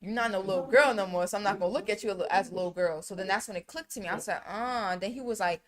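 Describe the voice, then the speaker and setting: A young woman co-hosting a loose, tipsy podcast, spinning a personal story in heavy slang. She talks easily and casually, at an even, everyday pitch. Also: fast. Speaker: podcast co-host. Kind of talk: casual drunk chat.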